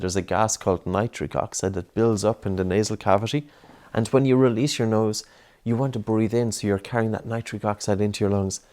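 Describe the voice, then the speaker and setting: A man coaching a child through breathing drills, with a voice that sits on the low side. He is patient and encouraging, and he keeps up a steady run of soft, repeated prompts.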